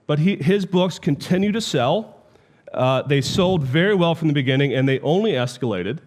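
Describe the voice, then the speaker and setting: A man lecturing as a theology professor, telling stories reflectively with deliberate pauses. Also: fairly high pitch, expressive, a little mellow.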